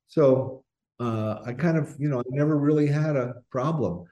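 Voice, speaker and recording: An older man talking casually about his singing life, with a voice of middling pitch. He rambles and restarts his sentences, and he gets animated when he tells a story. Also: normal speed. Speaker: singer being interviewed. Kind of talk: casual interview chat.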